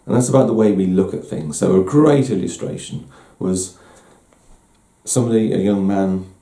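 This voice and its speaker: A man's voice: sits low, normal speed, mellow. A middle-aged man giving a candid, self-deprecating personal talk as host, often restarting his words. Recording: roomy echo.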